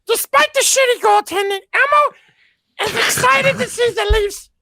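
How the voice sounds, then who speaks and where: A man's voice: very high-pitched, moderate pace, creaky, pushed and bright, no echo, pitched above the performer's own voice, exaggerated voice. A man voicing a small furry red monster child who talks about himself in the third person, as a comic impression. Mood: giddy.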